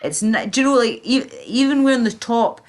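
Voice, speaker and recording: A woman's voice: a little high, expressive, normal speed. A Northern Irish woman hosting a casual livestream chat, rambling and swearing, with lots of fillers and trailing-off sentences. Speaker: stream host.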